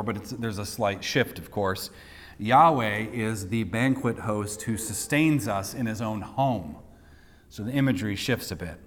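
A man's voice: medium pitch, a bit bright. A man preaching a sermon, teaching through a passage with light asides and repeated words. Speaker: pastor. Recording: long hall reverb.

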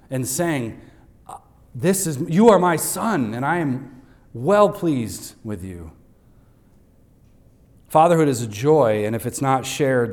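A male pastor preaches in a church, mid-pitched and ordinary in tone. He hammers home each point by repeating it slowly for the note takers, with a dry joke now and then. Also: a little mellow. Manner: light humor aimed at the congregation. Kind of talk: Father's Day sermon. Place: church sanctuary.

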